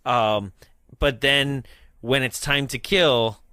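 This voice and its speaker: A man co-hosting a movie podcast in casual chat, animated and jokey, acting out scenes from the film. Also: mid-range voice, slow pace, clean tone, no room sound, clean studio sound. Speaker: podcast co-host.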